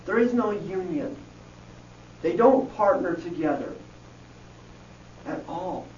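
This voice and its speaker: A man teaching a Bible lesson to a group, slowly going over each word and checking in with "okay?" as he goes. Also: high-pitched, lively intonation, a little mellow, a little hiss or hum. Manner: slow, repeats key words and checks in with "okay?". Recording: echoey, distant, dull room recording.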